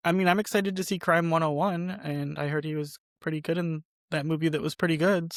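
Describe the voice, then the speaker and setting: A man's voice: a little high, steady tone, fairly quick, no echo. A young man co-hosting a podcast in casual chat, dry and self-deprecating, often trailing off into a mumble. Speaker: podcast co-host.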